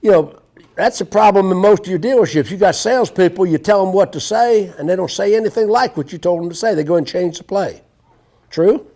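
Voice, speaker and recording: A man's voice: sits high, brisk, mellow. A man teaching a live sales seminar to an audience, brash and profane as he tells stories. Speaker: sales trainer.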